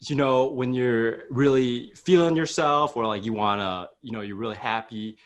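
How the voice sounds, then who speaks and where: A man guesting on a casual podcast, explaining things in a halting, chatty way full of "like" and frequent laughter. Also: mid-range voice, steady tone.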